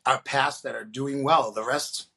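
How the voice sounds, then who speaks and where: A middle-aged man from the Boston area, a guest drag performer, telling animated stories and acting out the voices of the people in them. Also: mid-range voice, measured pace, gravelly, slight background noise. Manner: animated storyteller, acts out quoted voices. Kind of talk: storytelling interview.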